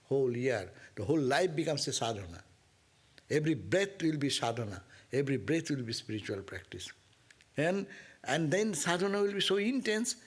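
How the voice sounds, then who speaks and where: A monk teaches a scripture class, working through Sanskrit verses and checking in with "no?" and "huh?". His voice is somewhat high for a man, gravelly and a little husky. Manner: explains Sanskrit verses line by line, with frequent rhetorical "no?".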